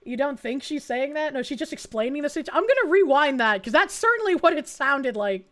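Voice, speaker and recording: A woman's voice: sits high, sing-song, fairly quick, a bit bright. A woman streamer reacting to news clips, blunt and indignant, swearing freely. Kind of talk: casual reaction commentary.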